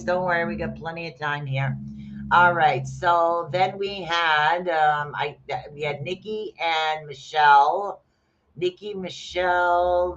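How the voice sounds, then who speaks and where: On a live stream, a medium-pitched man gives casual rune readings, chatting with viewers and breaking into loud exclamations. The stream audio is dull and lo-fi.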